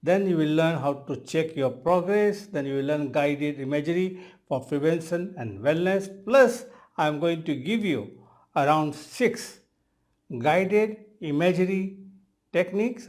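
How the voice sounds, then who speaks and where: A man in his sixties with an Indian English accent, a hypnotherapist making an earnest promotional pitch and often calling the listener his friend. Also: darkish tone. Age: 60s. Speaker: hypnotherapist and trainer.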